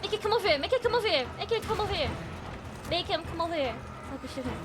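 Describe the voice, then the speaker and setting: Very high-voiced, excitable young woman streamer. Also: racing. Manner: excitable, panicky, laughs and swears often. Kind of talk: live gameplay commentary. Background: game music.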